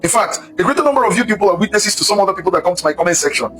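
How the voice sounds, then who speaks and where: A man's voice: high voice, expressive, rapid-fire, fairly bright tone, soft background music, low-quality recording. A man giving impassioned, preachy commentary, hammering his points with repetition. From Nigeria. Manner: emphatic, preachy, repeats points.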